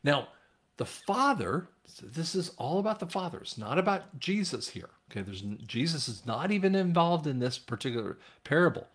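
A man's voice: a little high, big pitch swings, normal speed, slightly rough. A man giving informal Bible teaching, rambling with restarts and retelling scripture in a casual, conversational way.

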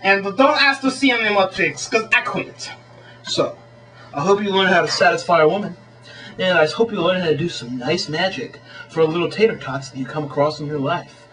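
A man doing a crude, deadpan comedy monologue in a rambling way. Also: high voice, moderate pace, recorded from a distance, music in the background, low-quality recording. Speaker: amateur comedy video maker.

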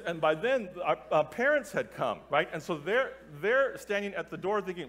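A man's voice: high voice, normal speed, hardly any pauses, slight background noise. A middle-aged man giving a storytelling talk to a church gathering, acting out the voices of the people in his story. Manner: animated, acts out voices in his stories, breaks into tearful laughter. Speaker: keynote speaker.

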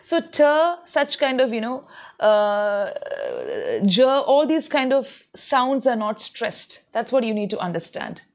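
A woman's voice: on the high side, takes it slowly. A woman giving earnest advice in a spoken lesson, repeating words to model how they sound. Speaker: English tutor. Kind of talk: spoken English lesson to camera.

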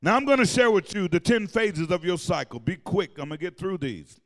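A male pastor preaching to his congregation, his voice pitched strikingly high. He drives the sermon with call-and-response, at times shouting and at times half-singing his lines. The sound rings with the long reverb of a church sanctuary. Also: expressive, a little fast.

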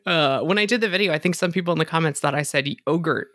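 A man's voice: fairly high pitch, quick pace, a bit bright, no echo, studio quality. A middle-aged man hosting a podcast in casual chat, talkative and self-amused, laughing often. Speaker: podcast host.

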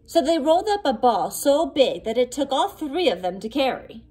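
Breathy, sing-song storybook reader, woman. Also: sits high, very animated, normal speed, dark tone. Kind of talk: children's picture book read-aloud.

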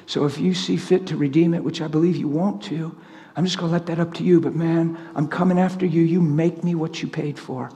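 Man, preacher, sermon, lively storytelling, high voice, reverberant church. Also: fairly quick. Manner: animated storytelling, acts out quotes. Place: church hall. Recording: long echoing church reverb.

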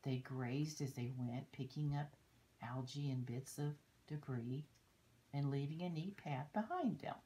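An older woman reading a picture book aloud to children, pausing to point at the pictures and explain. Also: very deep voice, mellow, poor audio. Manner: unhurried, stops to point out pictures and teach. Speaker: storybook reader.

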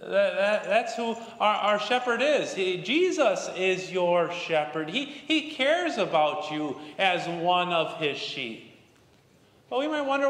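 A pastor in his thirties speaks gently to children, telling a story with halting restarts. His voice sits a little high for a man. It rings through a roomy chapel with a long reverb tail. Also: big pitch swings. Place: church chapel.

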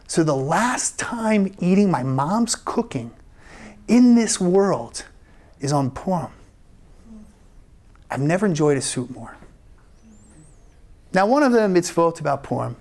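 A man, a rabbi, telling a personal story live at a story slam, animated and laughing often as he acts out the quoted lines. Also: a little high. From United States. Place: event stage before an audience.

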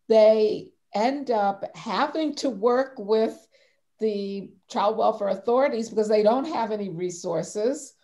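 A woman panelist in an academic discussion, answering in a slow, deliberate way. Her tone is dark and mellow, and she often restarts her sentences as she works through an idea. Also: mid-range voice. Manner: measured, thoughtful, with frequent restarts.

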